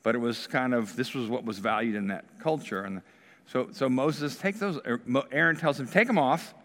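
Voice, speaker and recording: A man preaching a sermon, retelling the story with animated emphasis and briefly acting out the people's voices. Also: medium pitch, normal speed. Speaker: pastor. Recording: reverberant hall.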